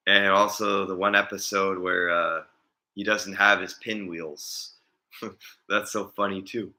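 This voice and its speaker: A man's voice: on the low side, flat delivery, unhurried, pushed and bright. A man vlogging in a casual, rambling chat, often chuckling as he talks.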